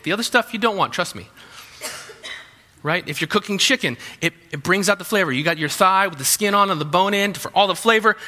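A man's voice: sits high, bright, forceful tone. A man preaching a sermon as pastor, conversational, with frequent restarts and humorous asides. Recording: long hall reverb.

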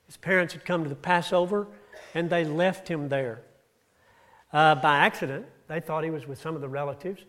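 A man preaching a sermon, retelling scripture stories with his voice rising and falling for emphasis. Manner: storytelling, rises and drops in pitch and loudness. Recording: audio-only church recording.

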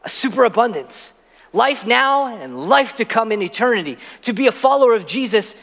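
A man's voice: very high-pitched, very animated, moderate pace, fairly bright tone, long reverb tail. A man preaching a sermon as pastor, earnest and repeating his key phrases.

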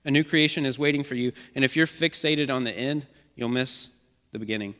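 With a bright, forceful tone and mid-range pitch, a male preacher gives a sincere, measured sermon, repeating important phrases in a cyclical cadence. His voice echoes with a lingering reverb, like a recording made inside a sanctuary.

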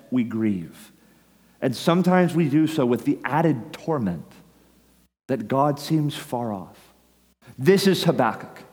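A man's voice: mid-range voice, long reverb tail. A man preaching an earnest sermon, addressing listeners directly with urgency. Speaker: pastor.

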